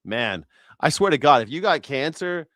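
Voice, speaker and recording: A man hosting a live news reaction show, talking in an animated, profane, rambling way with many restarts. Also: a little high, normal speed, dry recording. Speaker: host.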